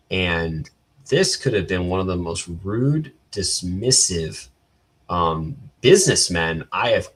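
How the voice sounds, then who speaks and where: Husky, low-voiced man telling a story. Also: fairly bright tone. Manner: storytelling, laughing, acts out others in quotes. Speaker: podcast co-host. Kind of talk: casual chat.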